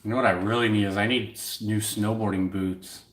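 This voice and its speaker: A man's voice: on the low side, fairly even intonation, brisk, fairly bright tone, echoey room. A young man rambling casually to his viewers, swearing freely as he chats about his day. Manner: rambling, profane, chatty. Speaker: vlogger.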